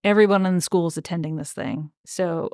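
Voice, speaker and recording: A young woman co-hosting a book podcast, relaxed, recapping the plot in casual chat with lots of "like". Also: on the low side, fairly quick, dry recording, studio quality. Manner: relaxed storyteller with many "like" fillers. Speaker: podcast co-host.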